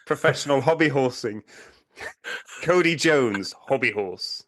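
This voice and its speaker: A man's voice: medium pitch, lively intonation, takes it slowly, fairly bright tone. A middle-aged man co-hosting a podcast, reading listener reviews and teasing his co-host with frequent laughter. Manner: giggly, teasing, laughs often.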